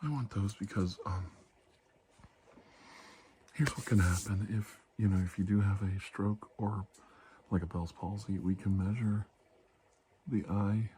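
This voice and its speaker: Low, dark-voiced man in whispered role-play. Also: measured pace, long pauses, a little hiss or hum. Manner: soft-spoken, gently reassuring, chatty. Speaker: ASMR creator playing a doctor.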